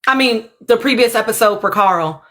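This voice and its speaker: A woman talks casually to her live viewers, a little high in pitch. She chats loosely, apologizing as she searches for clips. Her talk is relaxed and conversational. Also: normal speed. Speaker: livestream host reacting to a reality show. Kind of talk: casual live reaction chat.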